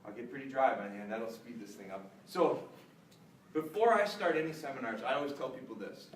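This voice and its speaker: A man's voice: brisk, a little hiss or hum. Chatty man running a dog-training seminar. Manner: chatty, joking, jumps to high excited praise voice. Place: large store hall with audience. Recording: roomy echo, mic at a distance.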